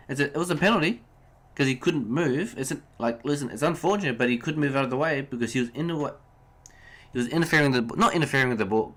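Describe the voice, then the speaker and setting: A man's voice: medium pitch, a bit bright. A young man hosting a solo sports podcast, ranting heatedly about referees, swearing and then apologizing. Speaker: podcast host.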